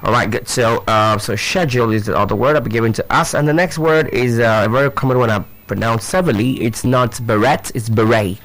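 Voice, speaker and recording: A man's voice: mid-range voice, a bit bright. A man leading a live pronunciation drill for teachers, spelling words out letter by letter and talking to the audience with lots of fillers and repeats. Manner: drawn-out, instructive, many fillers and repeats; addresses audience directly, rhetorical questions.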